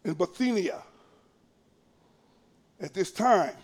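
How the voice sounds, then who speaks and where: A male pastor preaching a sermon in a folksy, conversational way, swinging between hushed asides and shouted emphasis. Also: high voice, animated, slow.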